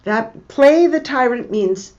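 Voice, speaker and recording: Slow, deliberate woman reading an English lesson. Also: a little high, expressive, darkish tone, highs cut off. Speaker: English teacher. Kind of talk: reading aloud and explaining a text.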